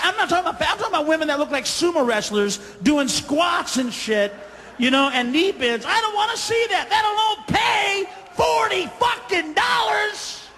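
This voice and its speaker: A man's voice: very high voice, gravelly, bright, forceful tone, slight background noise. A man doing a stand-up comedy routine, ranting profanely and breaking into sudden screams, recorded live on stage. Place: live club or theater stage with audience. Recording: live concert recording, hall reverb, faint crowd.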